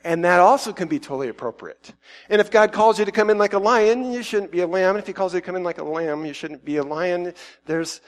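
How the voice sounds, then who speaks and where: A man's voice: sits high, a little fast. A middle-aged man preaching a casual, conversational sermon, often breaking off mid-thought and laughing between points. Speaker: pastor.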